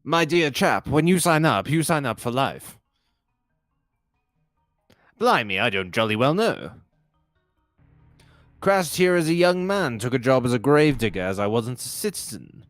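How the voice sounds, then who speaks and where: A man puts on a pompous, dotty old English army brigadier for a comedy adventure game. He blusters in a posh English accent and his pitch bounces widely. The recording is dry and close, with soft music behind. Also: very animated, unhurried, long pauses, dry recording. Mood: blustering. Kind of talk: game dialogue read aloud.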